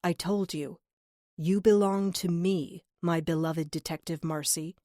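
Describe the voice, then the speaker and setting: An obsessive male killer speaks his letter slowly and deliberately, each word lingering with possessive menace, as a woman narrator voices him. The voice sits fairly low, and the recording is close and dry. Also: fairly even intonation, mellow, no echo, close to an everyday voice. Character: obsessed male serial killer writing taunts.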